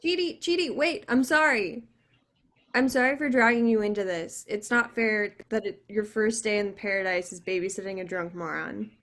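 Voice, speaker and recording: A woman's voice: mid-range voice, normal speed, a bit bright, lightly acted. A woman reading a brash, drunk young woman in the afterlife, sarcastic and slurring, at a video call table read. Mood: maudlin.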